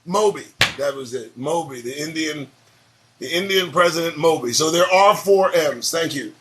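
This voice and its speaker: A man's voice: high-pitched, bright, forceful tone. A man hosting his daily morning talk show, rambling and swearing casually as he drifts between topics. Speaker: show host.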